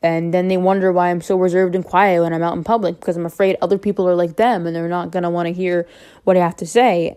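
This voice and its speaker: A woman's voice: on the low side, mellow. A young woman talking to camera about personal matters, rambling, unscripted and candid, with frequent fillers. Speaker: vlogger.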